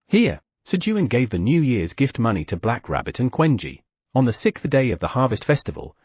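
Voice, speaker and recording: A man narrating an audiobook, telling the story with lively sound effects. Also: medium pitch, slightly rough, no echo, clean studio sound.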